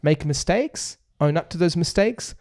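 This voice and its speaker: A man's voice: a little high, animated, a little slow, darkish tone. A man, a property agency founder explaining investing on a podcast in emphatic runs of points. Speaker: buyer's agency founder, guest. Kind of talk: fast explanatory podcast talk.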